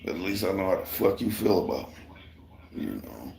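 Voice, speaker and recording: A middle-aged construction worker who livestreams tells his viewers a heated, profane story about work. His voice sits low, gravelly and a little mellow, very animated at a moderate pace, with a roomy echo around it.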